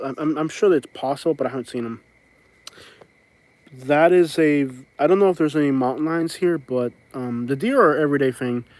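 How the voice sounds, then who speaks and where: A man's voice: medium pitch, darkish tone. Rambling man streaming outdoors. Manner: rambling, many fillers and restarts. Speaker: vlogger hosting a live stream. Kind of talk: casual rambling live stream. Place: outdoors on his rural property.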